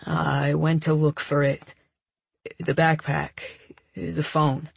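A woman voicing a gentle young man who speaks softly and haltingly, full of quiet guilt. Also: level tone, gravelly, breathy edge, dry recording, heavily acted. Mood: remorseful. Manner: soft, halting, low-key.

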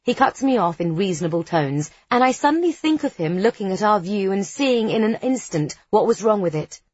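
A woman's voice: mid-range voice, animated, fairly quick, darkish tone, breathy edge, no room sound. Woman narrating a first-person novel. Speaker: audiobook narrator. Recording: dull, dry studio recording.

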